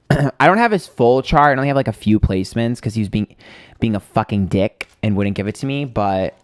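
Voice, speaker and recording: Livestream host, male, lowish voice, chatty storyteller who swears a lot, dry close sound. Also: animated, normal speed, dry recording. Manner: chatty storytelling, swears freely, greets viewers. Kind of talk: casual livestream chat.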